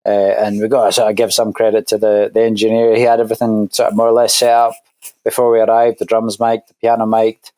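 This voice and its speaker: A Scottish man talks casually as an interview guest, pausing often with fillers and restarting his sentences. His voice sits at an ordinary pitch, and the recording is dry with no room echo. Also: monotone, warm tone. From Scotland. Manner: hesitant, many fillers and restarts. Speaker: guest musician.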